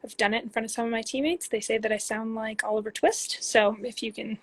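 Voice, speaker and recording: A woman's voice: fairly high pitch, steady tone, fast talker, breathy edge. A woman in her twenties from Canada, a pro soccer player reading fan questions aloud and answering them in a casual, chatty livestream on her phone.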